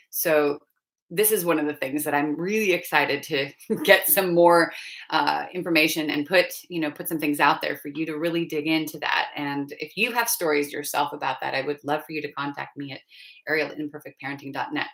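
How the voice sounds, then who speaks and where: A woman coaching on a casual live stream, chatty and meandering, with frequent soft laughs and lots of "you know.". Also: sits low. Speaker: fertility and pregnancy coach.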